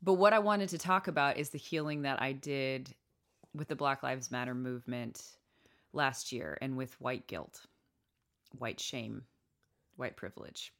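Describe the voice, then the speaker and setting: A man's voice: mid-range voice, a little slow, fairly bright tone. A man from Atlanta co-hosting a podcast, talking reflectively and restarting his sentences as he thinks. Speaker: podcast co-host. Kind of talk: reflective casual chat.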